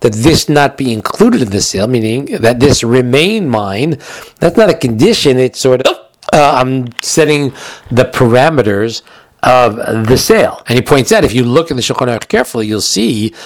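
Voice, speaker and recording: A man's voice: medium pitch, animated, normal speed, no echo. A man giving a recorded halacha lesson in a chatty way, explaining with everyday examples, and he has the hiccups. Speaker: Torah teacher.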